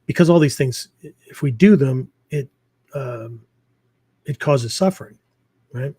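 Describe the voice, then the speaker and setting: A man's voice: medium pitch, measured pace, warm tone, slightly rough, no room sound. A man hosting a martial arts podcast, explaining ideas in a loose, rambling way with many fillers and frequent "okay?" check-ins. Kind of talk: casual teaching talk.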